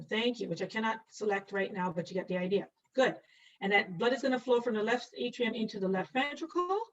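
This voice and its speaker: A woman teaching an online nursing class, quizzing students by name and joking about her own drawing. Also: medium pitch. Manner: playful, self-mocking, quizzes students by name. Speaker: nursing instructor. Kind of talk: online lecture while drawing. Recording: distant, dull lo-fi audio.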